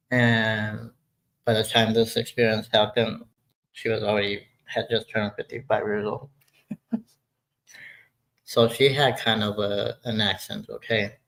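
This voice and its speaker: A man's voice: fairly low pitch, gravelly, fairly bright tone, low-quality recording. A sixty-year-old man hosting a casual live chat, rambling and swearing, often laughing at his own jokes. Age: 60s. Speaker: livestream host.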